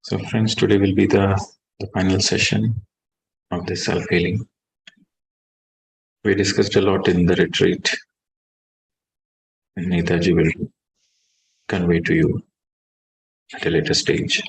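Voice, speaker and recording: A man, a meditation teacher guiding a session and then giving a calm, measured spiritual talk that stresses key words. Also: low-pitched, vocal fry, low-quality recording.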